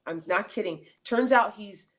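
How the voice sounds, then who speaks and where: A middle-aged woman, an interview guest, telling stories in a casual, animated way with many fillers and restarts. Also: medium pitch, a little slow.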